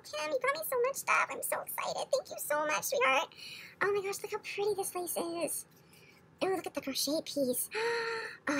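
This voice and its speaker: A woman hosting a casual craft unboxing, gushing and exclaiming over each item and sometimes dropping to a hushed near-whisper. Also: sits high, a little hiss or hum. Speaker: craft channel host.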